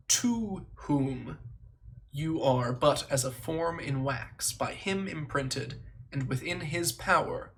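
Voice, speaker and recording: A man streaming live, thinking aloud and reciting memorized lines in quick bursts, stopping to correct himself. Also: mid-range voice, creaky, fairly bright tone, a little hiss or hum. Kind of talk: casual livestream chat, reciting lines from memory.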